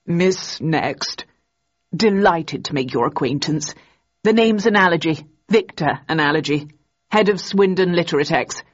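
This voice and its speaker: A woman voicing a grey-haired gentleman in his seventies with courteous, old-fashioned formal speech. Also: on the low side, measured pace. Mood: cordial. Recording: dull, muffled recording.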